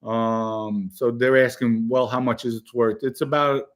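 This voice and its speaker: A man's voice: medium pitch, measured pace. A middle-aged man casually telling a story from his own past and acting out the other people in it. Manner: animated, acts out other people's voices. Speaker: former mob associate telling his story.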